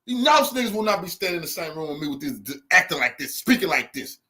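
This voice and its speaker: Heated, mocking man with a high, lively voice. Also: fast talker. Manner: heated, mocking, profane, laughing often. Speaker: commentary channel host. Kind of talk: reacting to news clips.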